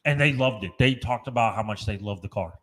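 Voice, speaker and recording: A man co-hosting a podcast in casual chat, loud, profane and excitable. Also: lowish voice, a little fast. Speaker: podcast co-host.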